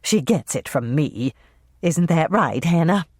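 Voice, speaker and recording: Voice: mid-range voice, expressive, unhurried, husky, dry recording, clean studio sound. A narrator doing a bossy, grand mother. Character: proud, bossy middle-aged mother.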